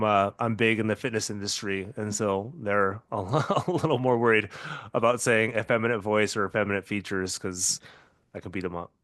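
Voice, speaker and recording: A man's voice: fairly low pitch, fairly bright tone, no echo, studio quality. Man with a Californian and Northwest accent. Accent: Southern Californian and Pacific Northwest blend. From US West Coast. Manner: hesitant, restarts often, laughs easily. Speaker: podcast host. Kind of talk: casual podcast conversation.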